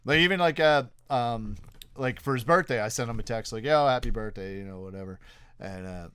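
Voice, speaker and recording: A man's voice: mid-range voice, fairly quick, a bit bright, clear, resonant tone, dry recording. A middle-aged man with a Philadelphia-area accent, co-hosting a podcast and telling stories in a rambling, profane way full of fillers. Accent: Philadelphia-area American. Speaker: podcast co-host. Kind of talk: casual chat.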